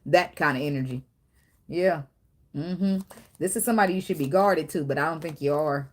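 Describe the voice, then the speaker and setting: A woman's voice: low-pitched, moderate pace. Blunt, profane woman reading tarot. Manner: blunt, profane, animated, talks straight to the viewer. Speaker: tarot reader. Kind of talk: casual tarot reading monologue.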